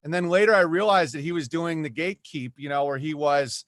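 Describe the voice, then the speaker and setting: High-voiced man ranting as podcast guest. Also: brisk, fairly bright tone, no room sound, clean studio sound. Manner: rambling, ranting storyteller with frequent asides. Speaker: comedian guest. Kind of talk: animated podcast conversation.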